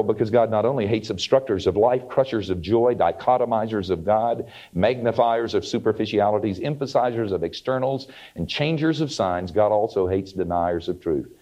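Male preacher, emphatic sermon delivery, dark mellow voice, muffled old recording. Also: on the low side. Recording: dull archival sermon tape.

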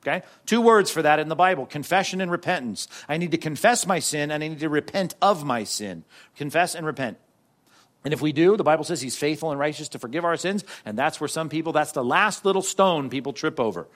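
A man preaching a sermon in a conversational way, often asking "right?" and slowing down to stress quoted scripture. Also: on the high side, animated, fairly bright tone. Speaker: pastor.

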